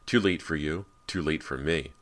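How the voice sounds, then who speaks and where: A man's voice: rumbling low, normal speed, fairly bright tone. A male narrator voicing a bitter, vengeful ghost girl who broods darkly.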